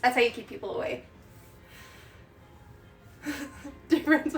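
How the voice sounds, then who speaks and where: A woman's voice: high-pitched, big pitch swings, extremely slow, pauses often, far from the mic, faint music behind. A woman chatting casually on a stream while she cooks, rambling with lots of fillers and giggles. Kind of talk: casual chat while cooking. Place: home kitchen. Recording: roomy sound from away from the mic, faint background noise.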